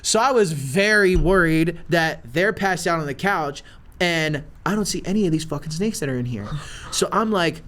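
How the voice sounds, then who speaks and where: A young man casually telling a wild story as a podcast host, animated and full of swearing and "like". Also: a little high, moderate pace.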